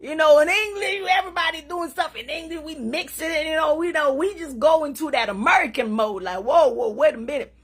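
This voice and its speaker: Animated, laughing woman. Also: sits high, brisk, hardly any pauses. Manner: animated, laughing often, mixing in Haitian Creole. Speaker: social media live host. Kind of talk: casual live-stream commentary.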